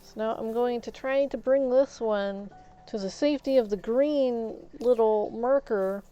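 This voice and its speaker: A woman's voice: on the high side, measured pace, warm tone, clean tone, highs cut off, faint music behind. A woman streamer giving casual gameplay commentary, venting in exasperation and restarting her words as she talks. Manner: exasperated venting, stammering restarts, mild swearing.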